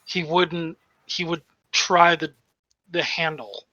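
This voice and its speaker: A man's voice: fairly high pitch, steady tone, slow pace, bright, forceful tone, no room sound, highs cut off. A man playing in a tabletop game, talking in a wry, matter-of-fact way. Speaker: player. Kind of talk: casual tabletop game chat.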